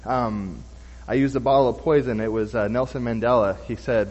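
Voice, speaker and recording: A man's voice: mid-range voice, fairly even intonation, normal speed, a little mellow, lo-fi sound. Man preaching in a reverberant hall. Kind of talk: sermon teaching on scripture.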